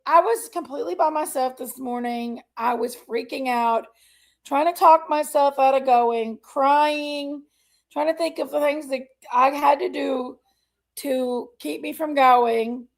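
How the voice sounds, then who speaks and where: A woman chats live with her viewers, greeting each one by name. Her voice sits high and has a gravelly fry. She talks openly and with feeling about her own struggles. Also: measured pace. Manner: chatty, greets viewers by name, says honey and y'all; emotional, open about personal struggles. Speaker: livestream host. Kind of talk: casual chat with live viewers.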